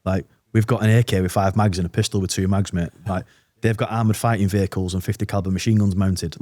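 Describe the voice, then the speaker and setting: A man's voice: sits low, steady tone, fast, warm tone, no echo, studio quality. A British man, an army veteran, telling a war story bluntly with swearing and quoted dialogue in a casual podcast interview.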